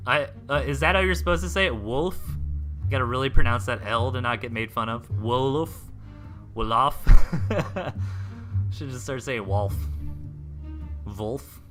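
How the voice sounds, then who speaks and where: A young man from the Southern United States casting a game replay live, rambling through joking side chats between quick play calls. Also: mid-range voice, sharp tone, faint music behind. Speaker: esports caster.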